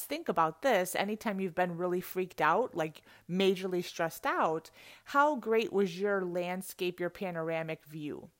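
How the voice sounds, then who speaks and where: A middle-aged woman coach giving a lively, conversational motivational talk and laughing often. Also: on the low side, dry recording, studio quality.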